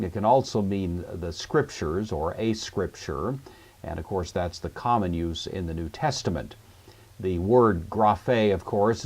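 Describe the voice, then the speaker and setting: A man giving a recorded Greek lesson, explaining in a measured, methodical way and repeating each word. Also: low-pitched, a little mellow, breathy edge. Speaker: Greek teacher. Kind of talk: recorded lecture.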